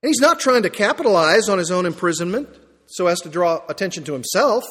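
A man preaching a sermon with an emphatic delivery, rising to excited peaks and then dropping quiet. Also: high-pitched, fast, slightly rough. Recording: long reverb hall.

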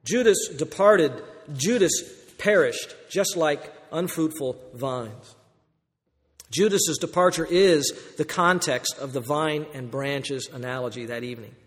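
A man's voice: on the high side, unhurried, in a large hall. A man preaching an earnest, explanatory sermon, stressing key words.

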